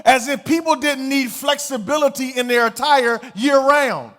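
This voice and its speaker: High-voiced pastor preaching with fervor. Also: male voice, moderate pace. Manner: emphatic, conversational preaching that builds to shouts. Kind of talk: sermon.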